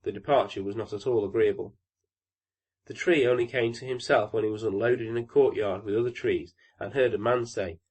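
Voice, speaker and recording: A man narrating a classic fairy tale audiobook in a calm, even storytelling manner. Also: on the low side, brisk.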